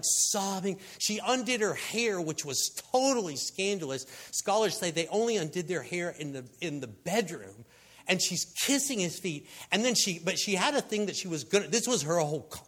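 Guy preaching, kinda high voice, chatty and animated, does little voices for people in the story. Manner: animated, acts out quoted voices, conversational asides. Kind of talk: sermon storytelling.

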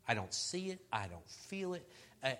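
A man, a pastor, sharing a personal testimony on a panel in an earnest, halting way, restarting his sentences and laughing at himself as he goes. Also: mid-range voice, sing-song, bright, forceful tone. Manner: laughs at himself while telling the story.

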